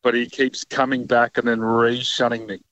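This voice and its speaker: A man calling in to tell a story in a casual, hesitant way with many pauses. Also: mid-range voice, flat delivery, fairly bright tone, dry recording, low-quality recording. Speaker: caller telling a story.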